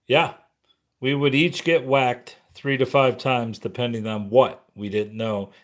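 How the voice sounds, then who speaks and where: A man narrating a memoir audiobook in a somber, measured way. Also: fairly low pitch.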